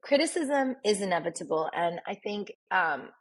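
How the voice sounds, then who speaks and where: A woman, a makeup artist, chatting as an interview guest and telling animated stories, acting out quoted dialogue. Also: mid-range voice, normal speed. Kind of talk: casual interview storytelling.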